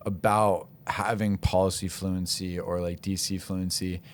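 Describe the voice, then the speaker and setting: Low-voiced young man hosting a podcast. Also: measured pace, a little hiss or hum. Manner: relaxed, filler-heavy, agreeable. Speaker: podcast host. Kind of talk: casual interview chat.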